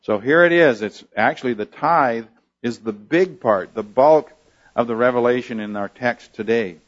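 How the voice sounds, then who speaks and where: A man's voice: mid-range voice, moderate pace, dull audio. A man preaching a sermon, explaining a scripture passage unhurriedly with frequent fillers and restarts. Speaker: pastor.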